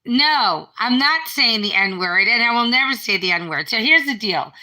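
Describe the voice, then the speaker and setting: Woman, middle-aged, bright forward voice, casual rambling live-stream chat, phone mic at home. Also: a little high, lively intonation, normal speed, low-quality recording. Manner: rambling, reads out viewer comments, restarts often. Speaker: livestreamer.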